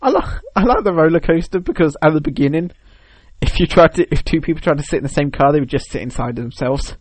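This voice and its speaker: A chatty man with a slightly higher voice rambles through a casual gaming chat, joking and playing out small scenes as he goes. His voice is close and dry, with no room sound. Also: animated, quick pace, husky, no room sound. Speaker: podcast co-host. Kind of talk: casual chat about video games.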